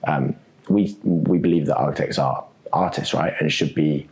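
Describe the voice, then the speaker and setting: A man's voice: a bass voice, normal speed. A man being interviewed as a guest, talking casually and thinking aloud, often ending points with "right?". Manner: relaxed, thinks aloud with many ums and "right?" tags. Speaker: guest, co-founder of a web3 architecture startup.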